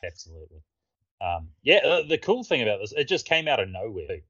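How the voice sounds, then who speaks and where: A man's voice: fairly low pitch, big pitch swings, quick pace, sharp tone, slightly rough, no echo, dull audio. A man chatting casually about films, swearing and laughing often. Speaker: podcast co-host. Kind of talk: casual chat.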